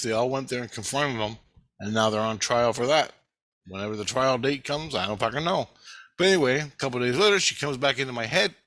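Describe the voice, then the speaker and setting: Agitated, profanity-laced man with a bright voice. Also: medium pitch, poor audio. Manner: agitated, swears constantly, restless rambling. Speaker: vlogger recounting spiritual visions. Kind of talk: rambling profane monologue.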